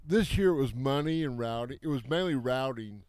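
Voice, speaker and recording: A man who organizes a festival, answering interview questions in a halting way, repeating words and restarting. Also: medium pitch, expressive, darkish tone, no room sound. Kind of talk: casual interview.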